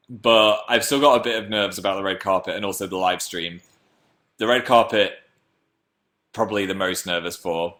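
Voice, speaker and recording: Young male livestreamer, slight northern English lilt, playful and chatty, casual webcam chat. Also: a bit bright. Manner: chatty and playful, jumps into silly high voices. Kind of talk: casual livestream chat answering viewer comments.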